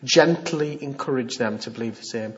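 A man's voice: medium pitch, moderate pace, fairly bright tone. A middle-aged man preaching an informal, jokey sermon and acting out the voices he quotes. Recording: dull lo-fi sound.

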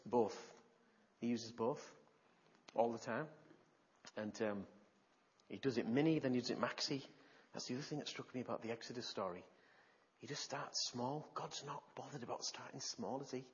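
Guy preaching, animated storyteller, gasps a lot, middle pitch, muffled lo-fi sound. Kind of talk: sermon.

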